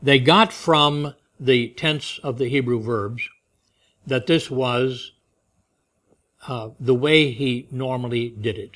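A man preaching a sermon in a conversational way, moving between loud, emphatic reading and quiet asides. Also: mid-range voice. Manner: reads scripture and commentaries aloud with rising emphasis. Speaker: pastor.

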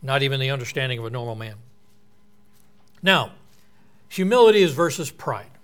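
A man's voice: medium pitch, sing-song, normal speed, fairly bright tone, smooth. A man preaching a sermon in an earnest, explanatory way, quoting and unpacking scripture.

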